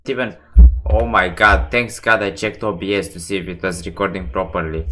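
A man's voice: deep voice, fairly even intonation, moderate pace, sharp tone, soft background music. A man streaming his gambling live, ranting and swearing in exasperation as he plays.

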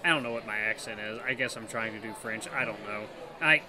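A man hosting a let's play who reads the game text aloud and comments excitedly. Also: fairly low pitch, brisk, a faint crowd. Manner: excitable, laughs easily, breaks into loud protest. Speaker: gaming channel host.

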